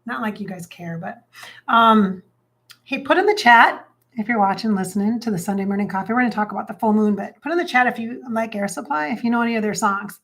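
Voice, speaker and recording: A woman's voice: fairly high pitch, fast, fairly bright tone. A chatty, bubbly woman in her late forties hosting a casual livestream and sometimes breaking into song. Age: 40s. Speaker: psychic livestream host.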